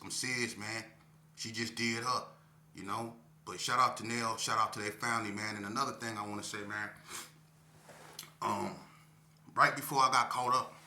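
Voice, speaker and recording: A man in his fifties talking casually to the camera. He is reflective and unhurried, peppers his talk with "man," and speaks to viewers as y'all. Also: mid-range voice, sharp tone, reverberant. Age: 50s. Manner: reflective, drawn-out, often ends phrases with "man" and addresses viewers as y'all. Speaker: vlogger.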